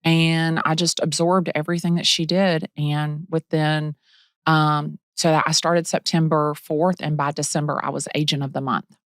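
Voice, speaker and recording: Deep-voiced bubbly middle-aged woman. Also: normal speed, dry recording, studio quality. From Atlanta area. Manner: bubbly, animated, acts out quotes. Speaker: real estate agent, guest. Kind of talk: casual interview storytelling.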